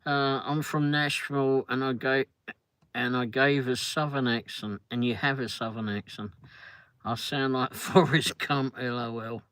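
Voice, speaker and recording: A man's voice: medium pitch, steady tone, unhurried, a bit bright, clear, resonant tone, no room sound. An older man hosting a livestream, chatting casually in a rambling way while reading viewer comments, often laughing. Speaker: livestream host.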